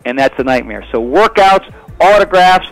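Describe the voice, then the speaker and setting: Brief: animated male fitness trainer, radio guest, voice sits a little high, big swings from loud to hushed. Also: moderate pace, soft background music, low-quality recording. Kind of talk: enthusiastic storytelling in a radio interview.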